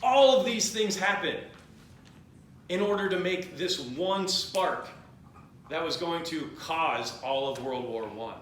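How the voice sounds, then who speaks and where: A man's voice: a little high, lively intonation, takes it slowly, a bit bright. A man telling a history story at a party in a loose, joking, rambling way, acting out the voices of the people in it. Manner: rambling, jokey, acts out quoted voices. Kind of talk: comedic drunk history retelling. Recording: very echoey room with faint noise.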